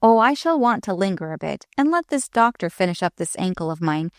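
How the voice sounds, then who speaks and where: A woman's voice: mid-range voice, very animated, fairly quick, dry recording. Lady voicing a bored rich young guy, condescending and eager, very dry sound. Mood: smug.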